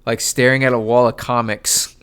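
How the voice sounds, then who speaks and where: A man's voice: medium pitch, little pitch movement, moderate pace, fairly bright tone, clean tone. A young man hosting a podcast, telling a story in casual chat, swearing and laughing, acting out what people said. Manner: laughing, swearing, acts out quotes. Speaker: podcast host.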